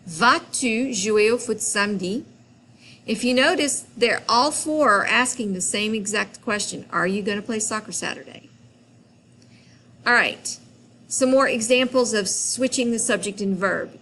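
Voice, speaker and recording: A woman teaching a French grammar lesson, explaining slowly and patiently in a classroom-style recording. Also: fairly high pitch, sharp tone, slight background noise.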